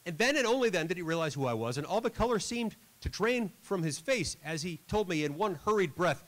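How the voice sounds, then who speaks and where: A man's voice: on the high side, sing-song, fairly quick, a bit bright, poor audio. Man telling dry self-deprecating stories. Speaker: senator. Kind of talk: anecdotal school assembly speech. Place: school assembly hall.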